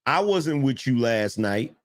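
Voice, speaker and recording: A man explains his view in a measured, unhurried way. His voice is fairly high and lively in pitch, and the sound is dry and close. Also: dry recording.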